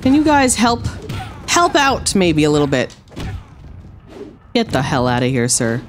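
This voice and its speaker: Lively woman streamer, sarcastic trash talk. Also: a little slow, faint music behind. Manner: swings between low mock-tough lines and high yelps. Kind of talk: live gameplay commentary.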